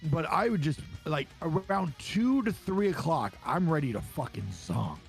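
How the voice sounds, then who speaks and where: With big swings in pitch, vocal fry, and a normal speed, this man co-hosts a podcast while faint music plays behind. He keeps it casual, swears frequently, and tells stories, acting out quotes in a higher voice.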